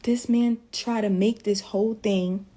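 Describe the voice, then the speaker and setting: A social media creator, speaking in a mellow mid-range voice that's a little slow and steady in tone, is tearful in a profane, repetitive vlog rant. After days of crying, she swings between shock and defiance.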